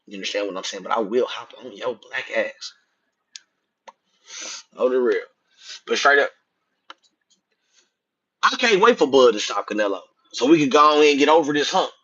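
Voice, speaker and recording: A man, profanely ranting about boxing to his livestream chat, swinging between loud outbursts and muttered asides. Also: mid-range voice, animated, moderate pace, pauses often, slightly rough. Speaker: boxing commentator streaming to chat. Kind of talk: casual livestream rant. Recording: dull lo-fi stream audio.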